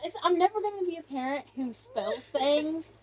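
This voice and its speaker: Playful higher-voiced woman co-host. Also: lively intonation, normal speed, a crowd in the background, rough recording. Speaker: crochet channel co-host. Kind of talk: casual chat.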